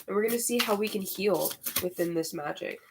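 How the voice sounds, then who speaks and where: A woman's voice: medium pitch, fairly quick, noisy background. A woman giving a casual spiritual tarot reading, chatty and candid, swearing and using slang freely, and getting worked up over the cards. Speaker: tarot reader.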